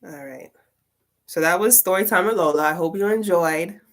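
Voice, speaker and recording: Woman storyteller, deep voice, rambling casual monologue, filler-heavy and profane. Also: normal speed. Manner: rambling, full of "like" fillers and swearing. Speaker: tarot reader and poet.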